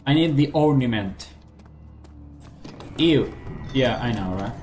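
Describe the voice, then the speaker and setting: A man's voice: medium pitch, expressive, takes it slowly, darkish tone, faint music behind. Jokey, self-mocking gameplay streamer, man. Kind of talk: casual gameplay commentary.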